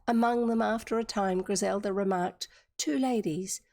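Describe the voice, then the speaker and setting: A woman with a New Zealand accent reads a classic children's book aloud on a livestream. Her voice has a gravelly edge at a middling pitch. She drops casual asides and stops to explain old words to her viewers. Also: steady tone, normal speed, darkish tone. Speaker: streamer reading a book aloud. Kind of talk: live-streamed book reading.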